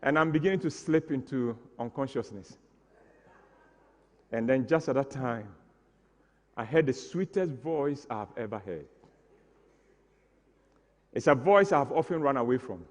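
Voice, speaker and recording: A man's voice: mid-range voice, lively intonation, unhurried, long pauses, in a large hall. A man tells a comic story on stage, acting out the scenes with mock drama. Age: 60s. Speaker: stage performer.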